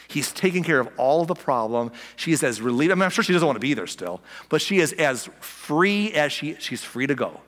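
A man's voice: medium pitch, fairly bright tone, big-room sound. A male pastor preaching a conversational sermon in a church auditorium, who repeats key lines and acts out quotes.

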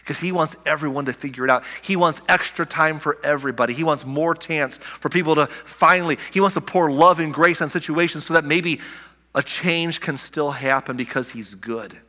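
A man preaching a sermon in a conversational way, restarting phrases and dropping softly on key words. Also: on the high side, normal speed, long reverb tail. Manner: conversational preaching with restarts and soft dramatic drops. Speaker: pastor.

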